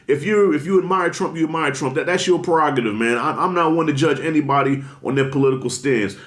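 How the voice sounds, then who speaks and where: A man giving blunt, animated commentary in a casual vlog, talking with heavy slang and strong emphasis. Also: a little high, quick pace. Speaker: commentary vlogger. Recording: roomy echo.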